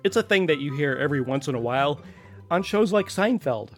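A man's voice: a little high, animated, a little fast, faint music behind. A man hosting a podcast, talking in a chatty, digressive way and asking himself questions aloud. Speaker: podcast host. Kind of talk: casual explanatory podcast talk.

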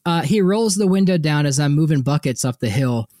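Animated laughing young man telling stories. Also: fairly quick, dry recording, studio quality. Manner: animated, laughing, frequent likes and jumpy pitch. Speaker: podcast co-host. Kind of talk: casual storytelling chat.

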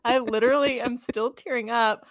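A woman's voice: fairly high pitch, fairly even intonation, normal speed, no echo, studio quality. A woman co-hosting a casual podcast chat, giggly and emotional, sometimes putting on a game-show announcer voice. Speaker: podcast co-host.

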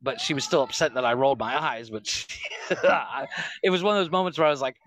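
A man's voice: mid-range voice, animated, fast, fairly bright tone. A man co-hosting a podcast, telling profane stories in casual chat and laughing often. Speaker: podcast co-host. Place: home recording room.

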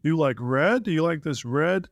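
A man's voice: on the high side, expressive, moderate pace, vocal fry, no echo, clean studio sound. A man playing an overly friendly candy shopkeeper with wheedling sales talk in improv comedy.

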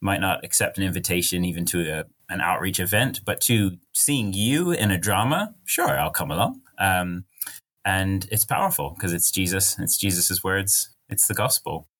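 Brief: young pastor, low voice, American accent with British traces, earnest guest on a chat podcast. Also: male voice, animated, moderate pace, fairly bright tone. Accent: mid-Atlantic, American with British traces. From rural Virginia, US. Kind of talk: casual podcast conversation.

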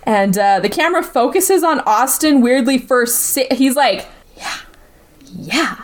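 A woman's voice: high voice, moderate pace, a little hiss or hum. A woman hosting a podcast, recapping a bad movie in a casual, sarcastic and profane storytelling manner. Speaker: podcast host.

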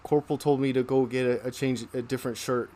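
A man imitating a naive, cheerful young soldier in a story, with an eager, innocent tone and a slightly raised pitch. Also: flat delivery, fast talker, mellow, lightly acted.

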